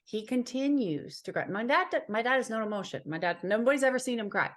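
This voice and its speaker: A woman's voice: on the high side, expressive, a little fast. A woman from Ontario, Canada, a healer and psychic, telling a personal story as an interview guest in an earnest, heartfelt way, repeating phrases for emphasis.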